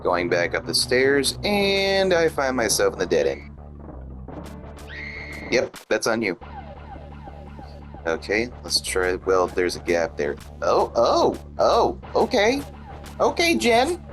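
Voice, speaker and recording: A man doing gameplay commentary, sarcastic and mocking the game and its heroine, reading the game's text aloud in a quieter voice. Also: low-pitched, very animated, slow, long pauses, music in the background. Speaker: let's play commentator.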